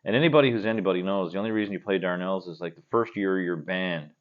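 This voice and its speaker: A man's voice: low-pitched, racing, muffled recording. A man who plays guitar in a cover band, talking bluntly and with plenty of swearing while he drinks beer at home. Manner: blunt and profane, talks in a loose rambling way. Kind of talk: casual vlog answering viewer questions. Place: at home, indoors.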